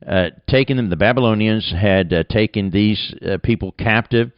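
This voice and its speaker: A man's voice: lowish voice, normal speed, no room sound, dull audio. A man with an American accent, a radio broadcaster and preacher giving an earnest, plain-spoken conversational sermon.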